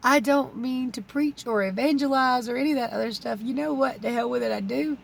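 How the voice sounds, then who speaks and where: A woman's voice: high-pitched, brisk, vocal fry. A woman, a keto vlogger pleading earnestly with viewers, close to tears. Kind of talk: emotional vlog talk to camera.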